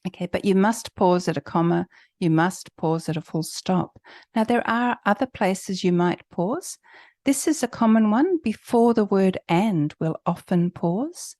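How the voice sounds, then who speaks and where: A woman who is a native English speaker, tutoring for an English test with clear, explanatory talk and slowed emphasis. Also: mid-range voice, expressive, warm tone, dry recording, studio quality. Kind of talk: online teaching.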